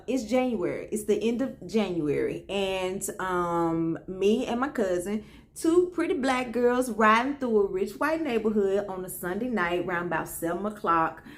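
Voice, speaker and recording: A woman from Memphis, telling a funny personal story to her viewers in an animated, folksy way. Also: a little high. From Memphis, Tennessee. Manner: animated, talks straight to viewers with folksy asides. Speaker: storyteller host.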